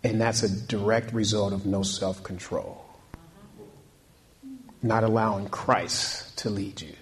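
A man's voice: fairly low pitch, level tone, slow. A male pastor preaching a sermon, repeating key points and asking the congregation questions. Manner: preaching with rising intensity and repetition; asks the congregation questions and calls out amen.

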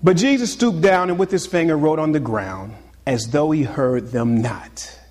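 A pastor preaching a sermon to his congregation, swinging between loud exclamations and hushed, confiding asides. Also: fairly high pitch, sing-song, moderate pace, in a large hall.

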